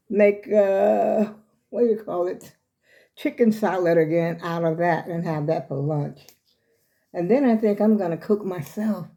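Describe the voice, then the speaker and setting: A woman's voice: lowish voice, warm tone. An older woman vlogging casually from her home, chatty and folksy, a little out of breath as she calls her viewers y'all.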